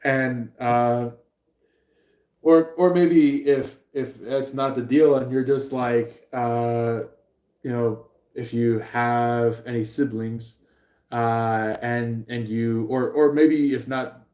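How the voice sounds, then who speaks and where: A man giving a live tarot reading, rambling and halting with many fillers. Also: mid-range voice, steady tone, darkish tone, lo-fi sound. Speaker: tarot reader. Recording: roomy echo.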